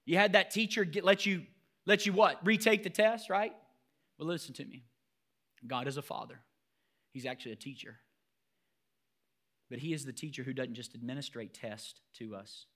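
A man's voice: on the high side, moderate pace, long pauses, fairly bright tone. A man preaching a sermon as pastor, emphatic and asking the congregation rhetorical questions.

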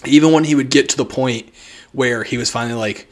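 A man from the American Midwest casually telling a story on a podcast, animated, swearing freely, and mimicking people in exaggerated voices. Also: mid-range voice, fairly quick. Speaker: podcast co-host.

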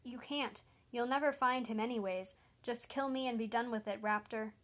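A woman's voice: on the high side, moderate pace, a bit bright, lightly acted. A woman reading a story and voicing a frightened but defiant man pleading for someone else's life. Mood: desperate. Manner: desperate, pleading. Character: frightened, defiant male traitor, wounded.

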